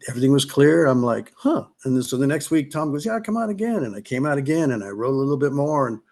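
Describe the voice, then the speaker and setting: A man's voice: medium pitch, fast talker, darkish tone. A middle-aged man from California tells old racing stories on a podcast. He rambles loosely, breaks off and restarts his sentences, and slips into the voices of the people he quotes. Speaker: podcast guest, former off-road racer. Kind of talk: casual storytelling.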